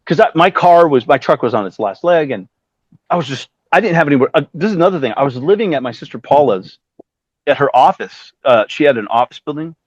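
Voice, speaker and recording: Brief: a man in his fifties, a casual, swearing raconteur with a slightly high voice, on a muffled recording. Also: quick pace, no echo. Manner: lively, casual, swears freely, acts out voices. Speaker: guest musician. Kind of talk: animated storytelling interview. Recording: dull dry lo-fi sound.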